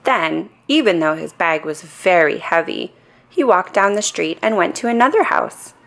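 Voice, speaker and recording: A woman reading a children's storybook aloud in a calm, soothing bedtime manner. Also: fairly low pitch, moderate pace, vocal fry. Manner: calm, soothing reading with playful character voices.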